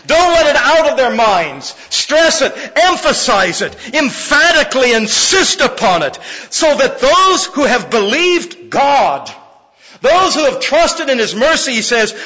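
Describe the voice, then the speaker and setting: A man preaching a sermon as pastor, repeating words for emphasis and swinging from loud, pressing lines down to soft, quiet ones. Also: very high-pitched. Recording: muffled recording with long hall reverb.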